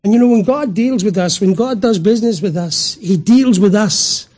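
A man with a strikingly high-pitched voice delivers a sermon. He speaks emphatically and keeps putting rhetorical questions to his listeners. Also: normal speed, a little mellow. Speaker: preacher.

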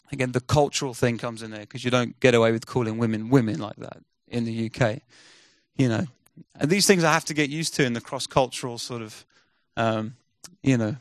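Male preacher, mid pitch, dry close sound, lively storyteller; acts out dialogue. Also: no room sound. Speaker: missionary speaker. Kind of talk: sermon storytelling.

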